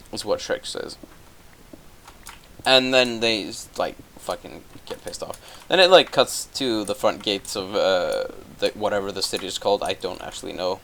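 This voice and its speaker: A man's voice: fairly low pitch, expressive, normal speed, creaky, sharp tone, a little hiss or hum. A young man casually retelling a film plot while gaming, swearing constantly and stumbling over fillers. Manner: profane, offhand, hesitant with many fillers. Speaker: gameplay commentator.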